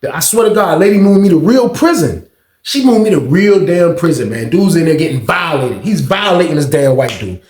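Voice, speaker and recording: A young man telling a casual story in an animated, profane, rambling way, heard in a roomy echo. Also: high-pitched. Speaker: storytime vlogger.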